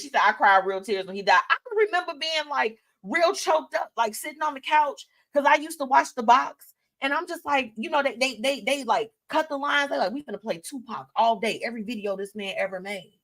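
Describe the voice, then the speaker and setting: A woman hosting a live show, chatting casually about celebrity news in an animated, sassy way and reading out viewer comments. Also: high voice, a little fast.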